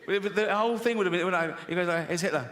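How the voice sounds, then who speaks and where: Sardonic comedian. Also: male voice, high voice, a little fast, very noisy. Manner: sardonic, profane, frequently laughing. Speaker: stand-up comedian. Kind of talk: stand-up comedy. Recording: reverberant live venue, loud ambience.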